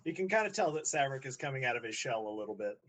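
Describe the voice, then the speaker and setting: A man's voice: mid-range voice, sing-song, racing, fairly bright tone, rough recording. A man playing a tabletop game, casually describing his character's actions with fillers. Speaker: player.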